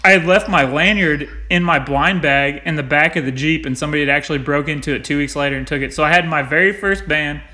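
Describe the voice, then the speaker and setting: Man, fairly high, bright voice, animated casual storyteller, mild cursing. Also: quick pace, few pauses. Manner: animated, swears lightly, laughs while telling stories. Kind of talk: casual chat.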